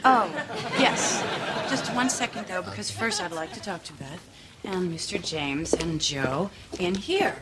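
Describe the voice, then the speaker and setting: An actress playing a flustered woman who insists loudly she is sober, with emphatic sitcom delivery. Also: medium pitch. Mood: earnest. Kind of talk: sitcom acting. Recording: loud studio audience laughter, noisy.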